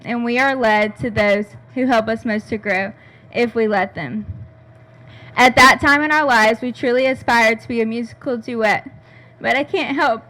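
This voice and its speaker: A woman's voice: on the high side, normal speed, sharp tone. A young woman in her twenties reading a heartfelt wedding toast from notes, sounding close to tears. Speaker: bridesmaid giving a toast. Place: rehearsal dinner venue.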